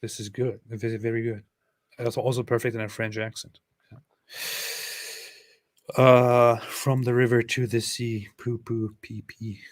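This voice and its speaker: A man's voice: medium pitch, measured pace, long pauses, no echo. A man co-hosting a casual livestream, reading viewer comments aloud with dry sarcasm. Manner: reads chat comments aloud with deadpan sarcasm. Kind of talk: casual live chat.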